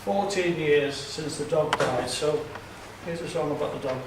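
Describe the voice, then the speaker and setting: A man's voice: a little high, moderate pace, heavy background noise. An older man, performing comic songs and verse live, half-singing with dry, chatty asides between numbers. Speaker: performance poet. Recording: echoey room recorded from far off.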